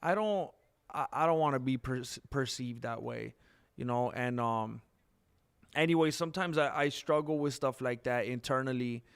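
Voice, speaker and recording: A man hosting a live stream in casual chat, rambling candidly and jumping into high, excited bursts when he thanks viewers. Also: moderate pace, gravelly, clean tone.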